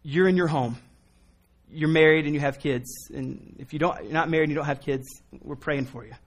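A man preaching a sermon in an earnest, pleading way, moving from quiet reasoning to impassioned appeals. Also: fairly high pitch, brisk, slightly rough. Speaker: pastor.

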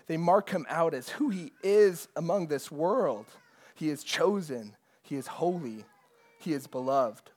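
A pastor preaching a sermon, reading scripture aloud and explaining it in an earnest way. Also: male voice, fairly high pitch, darkish tone.

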